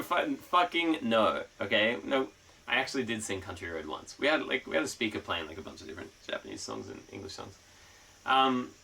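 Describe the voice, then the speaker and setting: A man's voice: medium pitch, vocal fry, pushed and bright, husky, far from the mic, poor audio. A young man streaming a casual chat, rambling with lots of fillers and freely swearing.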